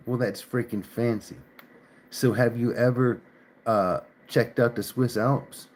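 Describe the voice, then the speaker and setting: A man's voice: mid-range voice, fairly even intonation, takes it slowly, a little hiss or hum. A man hosting a casual livestream, chatting in a laid-back way with his viewers and swearing now and then. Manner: laid-back, chatty, mild swearing, addresses chat as y'all. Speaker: livestream host. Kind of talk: casual live-stream chat.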